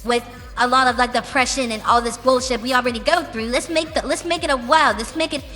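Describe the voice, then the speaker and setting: A woman's voice: high-pitched, steady tone, a little fast, pushed and bright. A young adult woman musician answering interview questions in a blunt, boastful, profane way. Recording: reverberant with background music.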